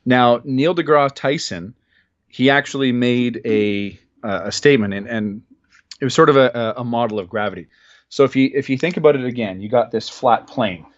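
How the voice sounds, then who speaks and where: A man's voice: mid-range voice, normal speed, highs cut off. A man from Ontario, Canada, a podcast guest in casual conversation, earnest and thoughtful, often searching for words.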